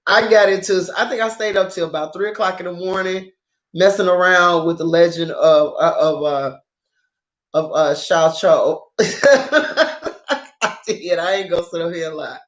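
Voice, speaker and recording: A woman's voice: fairly low pitch, unhurried. A woman chatting casually to her viewers about dramas she has watched, swearing freely and laughing often. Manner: profane, excitable, laughs often. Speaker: drama review vlogger. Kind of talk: casual unscripted chat to viewers. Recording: roomy echo.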